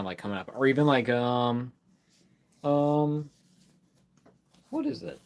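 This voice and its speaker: A man with a somewhat low voice hosts a casual live stream. He rambles easily, reads items aloud and talks straight to viewers in chat, with plenty of ums and likes. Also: slight background noise. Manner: rambling, filler-heavy, reads product card aloud; chats directly with viewers in chat.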